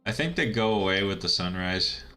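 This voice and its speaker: A man's voice: low voice, animated, moderate pace, pushed and bright, soft background music. A man giving casual, rambling commentary while playing a video game, chatty and laughing at his own asides. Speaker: let's-play gamer.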